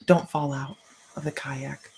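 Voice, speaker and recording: A woman's voice: extremely low pitch, level tone, takes it slowly, gravelly, a little hiss or hum. A woman hosting a psychic live stream, telling stories in a bubbly, rambling way and laughing often. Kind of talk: casual live-stream chat.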